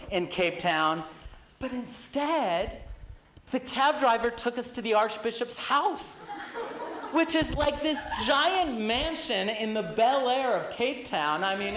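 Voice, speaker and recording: A young man, a guest lecturer, telling a story to a university class with lively quoted voices. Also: high voice, slight background noise, low-quality recording. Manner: animated anecdote with quoted voices. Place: lecture hall.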